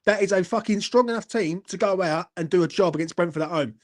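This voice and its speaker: Speaking fast in a high-pitched voice, a fan-channel host unleashes an angry post-match rant from indoors at a relative's house. He curses heavily and keeps making sure the listener follows what he's saying.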